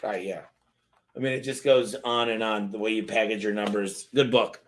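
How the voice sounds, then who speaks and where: Male host, lowish voice, loose and chatty, casual live Q&A. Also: fairly even intonation, normal speed, a little hiss or hum. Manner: loose, chatty, swears casually, reads lists aloud. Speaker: host answering live questions.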